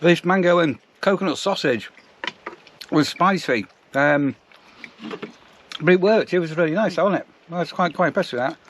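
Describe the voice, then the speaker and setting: A man's voice: a little high, normal speed, long pauses, a bit bright, a little hiss or hum. A man from England chatting casually to camera in a vlog, narrating what he eats at a campsite caravan. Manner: chatty, self-narrating while eating. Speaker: vlogger.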